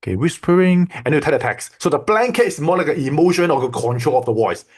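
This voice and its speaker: A man walking students through a software tool in a loose, repetitive teaching style, checking in often with "okay?" and "right?". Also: fairly high pitch, expressive, fast talker, breathy edge. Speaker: online course instructor. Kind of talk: casual screen-share tutorial.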